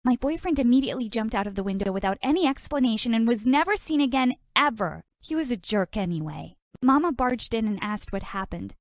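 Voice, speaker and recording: A woman tells an animated storytime with sassy, dramatic flair and plenty of exclamations. Her voice sits fairly high. The recording is dry and close, with no room sound. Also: a little fast, hardly any pauses, no room sound.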